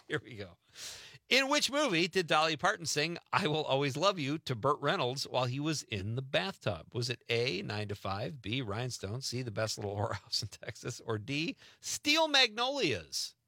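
A man's voice: medium pitch, lively intonation, normal speed, gravelly, bright, forceful tone, no echo, studio quality. A man hosting a radio show, chatting casually, joking and laughing as he runs a quiz. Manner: laughing, playful, teasing.

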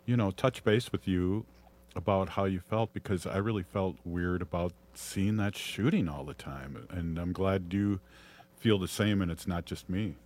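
Host, male, low voice, Minnesotan accent, hesitant and reflective. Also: a little mellow. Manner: halting, with many pauses and fillers. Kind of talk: reflective podcast conversation.

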